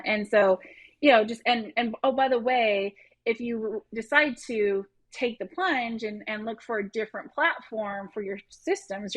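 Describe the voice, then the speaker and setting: A woman working as an HR consultant, a guest on a podcast, telling stories in a quick, upbeat way and acting out how her clients react. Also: mid-range voice, a bit bright. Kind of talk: casual conversational interview.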